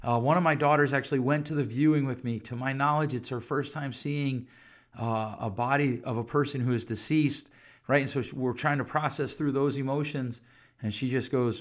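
A man's voice: medium pitch, a little fast. A middle-aged man hosting a parenting talk, speaking candidly about his own mistakes and acting out short exchanges with his children. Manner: candid and self-disclosing, acts out little dialogues with his kids. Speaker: parenting podcast host and counselor. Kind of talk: reflective solo talk to camera.

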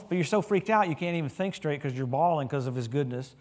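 A man's voice: fast, hardly any pauses. A middle-aged man preaching a sermon in a church, telling stories with humor and swinging his voice up and down as he gets caught up. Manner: animated storytelling with humor, lively pitch swings. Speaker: guest preacher.

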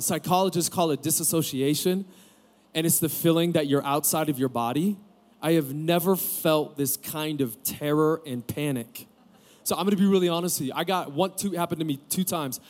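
Speaking to a crowd in a camp gathering room, a man in his forties preaches frankly, weaving jokes into a story from his own life. His voice is slightly mellow and leans high.

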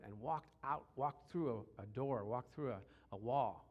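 A middle-aged man preaching a sermon through personal stories, acting out voices with shouts and growls. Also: medium pitch, normal speed, hardly any pauses, dull audio. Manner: animated, acts out quotes with shouts and growls. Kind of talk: storytelling sermon.

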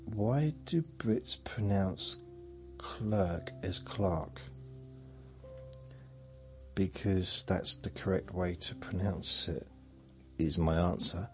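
A man with a low voice talks slowly through a rambling sleep-podcast monologue. He muses in a dry, self-mocking way, and faint music plays underneath. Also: fairly bright tone. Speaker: podcast host.

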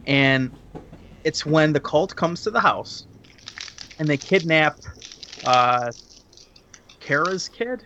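A man's voice: a little high, animated, slow pace, long pauses, sharp tone, highs cut off, a little hiss or hum. A man chatting casually and crudely about a horror film, laughing often as he rambles through the plot.

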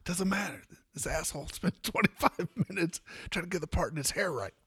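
A man's voice: sits high, animated, brisk, fairly bright tone, slightly rough, no echo. A man co-hosting a podcast in crude casual chat, swearing, laughing and telling stories, on cold medicine. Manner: profane, laughing, storytelling. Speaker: podcast co-host.

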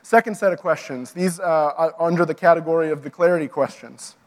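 A man's voice: fairly high pitch, fairly quick. A man giving an earnest lecture to pastors and worship leaders, often restarting his phrases and using fillers.

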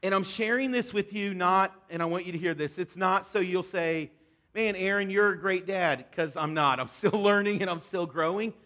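A middle-aged male pastor preaching a sermon to his congregation, earnest, dropping to soft hushed tones and rising to loud emphatic peaks. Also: high voice, normal speed, few pauses. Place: church stage before a congregation.

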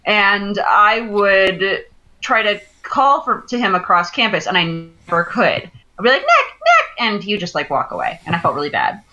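A woman's voice: medium pitch, moderate pace, bright, forceful tone. A young adult woman co-hosting a podcast, chatting casually and telling stories with lots of fillers and laughter. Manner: chatty storyteller, laughs often, many "like" fillers. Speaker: podcast co-host. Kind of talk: casual chat.

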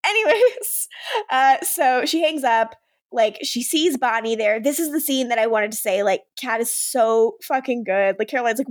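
A woman's voice: sits high, normal speed, no echo, clean studio sound. A woman co-hosting a podcast, casually recapping a TV episode and animatedly acting out characters' lines. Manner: animated, quotes characters in lively voices. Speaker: podcast co-host.

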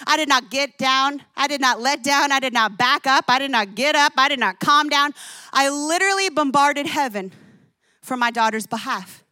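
A woman's voice: sits high, moderate pace, sharp tone, no room sound. A woman in her thirties preaching a sermon, telling stories with emphatic, exclamatory delivery. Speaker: pastor.

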